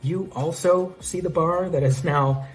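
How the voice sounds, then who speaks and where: A man's voice: fairly high pitch, unhurried, faint music behind, pitched above the performer's own voice, lightly acted, poor audio. A man reading a level-headed female agent.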